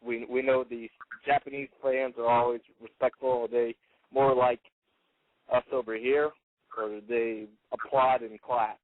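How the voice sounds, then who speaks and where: A man's voice: mid-range voice, level tone, unhurried, dry recording. Radio host man, tinny dry sound. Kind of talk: interview questions.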